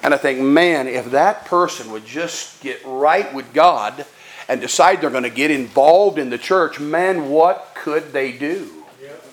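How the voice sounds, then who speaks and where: High-voiced folksy male preacher. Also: measured pace. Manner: folksy, emphatic, conversational. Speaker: pastor. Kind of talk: sermon.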